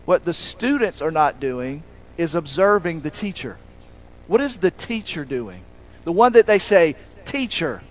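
A man preaching a sermon, telling a story with animated delivery, acting out quoted lines and swinging between loud emphasis and hushed moments. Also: sits high, normal speed, rough recording. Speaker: pastor.

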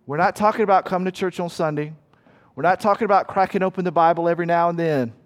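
High-voiced animated preacher man. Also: fast. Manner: animated, acts out voices and cries, rhetorical repetition. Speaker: pastor. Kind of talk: sermon.

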